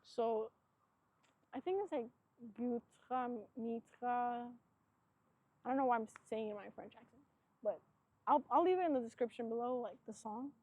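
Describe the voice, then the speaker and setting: On her solo podcast, a woman talks in a rambling, earnest, self-searching way, leaning heavily on "like." Her voice is on the high side, a little mellow, fairly quick with lively intonation, and the highs are cut off.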